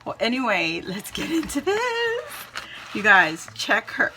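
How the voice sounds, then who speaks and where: A woman's voice: fairly high pitch, wildly swooping pitch, measured pace, very noisy. A woman hosting a craft channel, chatting casually through an unboxing and gushing with squealing exclamations.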